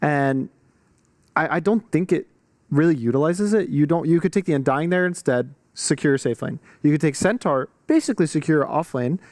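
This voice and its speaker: A man giving casual, opinionated esports analysis on a panel, talking fast with lots of fillers. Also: a little high, darkish tone, no echo, clean studio sound.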